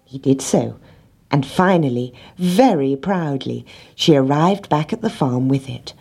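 A woman narrating a children's storybook in a gentle, expressive reading. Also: a bass voice, normal speed, vocal fry, husky.

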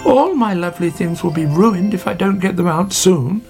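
A stubborn old mother rabbit from a storybook, played by a man reading aloud, pitched high and fretful. There is a gravelly edge to the voice, and music plays clearly behind it. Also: expressive, normal speed, darkish tone. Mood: distressed. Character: older woman rabbit, fussy and set in her ways.

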